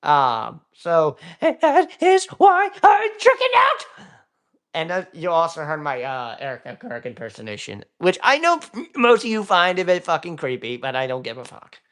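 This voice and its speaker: A man's voice: a little high, big pitch swings, moderate pace, hardly any pauses, fairly bright tone, clear, resonant tone. Crude rambling male streamer. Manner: rambling, crude, many fillers. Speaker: livestream host. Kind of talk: casual political commentary stream.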